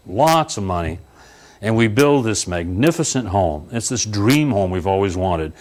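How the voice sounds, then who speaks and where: A man giving a motivational seminar talk, telling stories with animated swings and frequent chuckles. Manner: animated, chuckling storyteller with sudden pitch leaps. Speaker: seminar speaker.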